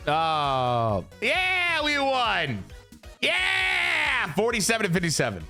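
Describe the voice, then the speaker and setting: A man commentating on his own run through a baseball video game's franchise mode, excitable and exasperated and swearing freely. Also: high voice, measured pace, soft background music. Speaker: gaming YouTuber.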